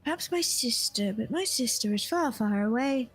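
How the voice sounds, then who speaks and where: A woman voicing an eerie young female seer who speaks in a soft, formal and cryptic way, in a tabletop game. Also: a little high, lively intonation, moderate pace, soft background music. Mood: solemn.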